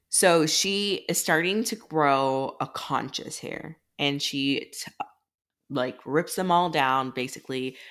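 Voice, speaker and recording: A woman's voice: low-pitched, fairly bright tone. A young woman co-hosting a podcast, recapping a novel in casual chat over a video call and acting out the characters' lines. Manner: chatty, swears casually, acts out characters' lines. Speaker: podcast co-host.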